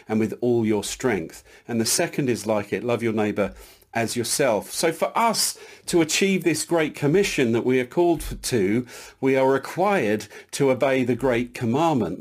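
A male preacher with a mid-range voice delivers his sermon earnestly. He stresses his points with rising emphasis. He stumbles now and then as he reads scripture aloud. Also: a little mellow. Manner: earnest, emphatic, builds in lifts of pitch.

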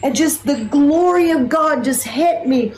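Woman, missionary, personal testimony; high voice, unhurried delivery, earnest and emphatic. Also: darkish tone, slight background noise, poor audio. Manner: earnest, emphatic storytelling with repeated phrases.

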